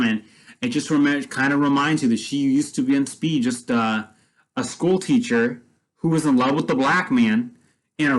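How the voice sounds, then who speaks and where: A man's voice: mid-range voice, rough recording. A man casually retelling a film story as a vlogger, rambling with many restarts and fillers.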